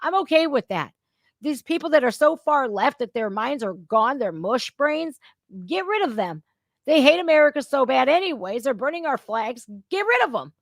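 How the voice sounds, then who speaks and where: High-voiced woman ranting angrily. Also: big pitch swings, moderate pace, dry recording, studio quality. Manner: angry, profane, emphatic. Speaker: reaction channel host. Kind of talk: heated political rant.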